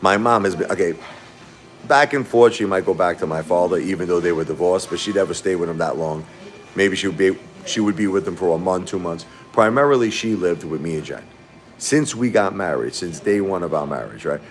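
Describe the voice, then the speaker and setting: Broadcasting live from a fast-food restaurant, this middle-aged livestream host speaks in a low voice. He chats loosely with his audience, calling out viewers by name and saying the same things more than once.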